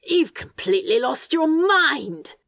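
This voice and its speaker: A woman reading aloud and voicing a dramatic, paranoid male demon who yells indignantly. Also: medium pitch, expressive, unhurried, dry recording, studio quality. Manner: theatrical, indignant yelling.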